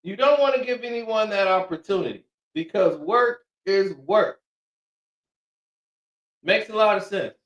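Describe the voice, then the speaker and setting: A man's voice: high voice, expressive, a little slow, long pauses, a bit bright, lo-fi sound. A man doing comedic commentary, laughing often and reading quotes in mocking voices. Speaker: commentary streamer. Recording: echoey room, far from mic.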